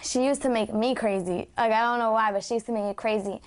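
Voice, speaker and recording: A woman tells a personal story in a loose, casual way, filling it with "like" and "I was like". Her voice is a bit high. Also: fairly even intonation, fast. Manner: casual, storytelling, lots of 'like'. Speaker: granddaughter. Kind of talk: documentary interview.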